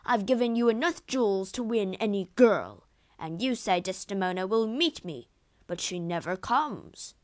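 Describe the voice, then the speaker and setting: A woman's voice: fairly low pitch, big pitch swings, normal speed, few pauses. A woman voicing an angry young male suitor who howls complaints. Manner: howling, complaining.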